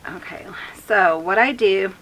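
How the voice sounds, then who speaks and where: A woman's voice: mid-range voice, a little slow, a bit bright, low-quality recording. A woman crafter chatting casually through a tutorial, rambling and thinking aloud as she works. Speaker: craft vlogger.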